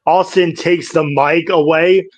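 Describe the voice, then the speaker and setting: A man co-hosting a podcast, recapping old wrestling shows in a halting, casual way with restarts. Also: a little high, fairly even intonation, slight background noise. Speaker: podcast co-host.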